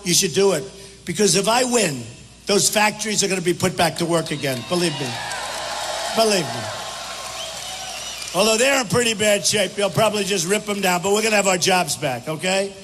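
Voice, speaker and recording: A man's voice: high voice, expressive, normal speed. An older man giving a rambling, repetitive, combative rally speech at a podium microphone. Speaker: political candidate. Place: airport hangar rally with crowd. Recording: echoey hall, faint background noise.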